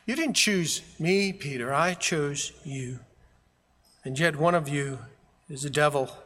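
A man's voice: on the high side, measured pace, sharp tone, breathy edge. A man preaching a sermon as pastor, with emphatic, repeated phrases. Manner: preaching with rising fervor, emphatic repetition. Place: church sanctuary. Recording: long reverb of a large hall.

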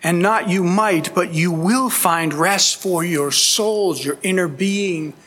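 High-pitched guy preaching, earnest, big echoey hall sound. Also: takes it slowly, a bit bright, breathy edge. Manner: earnest, emphatic preaching with rising pleas. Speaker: pastor. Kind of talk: sermon. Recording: long hall reverb.

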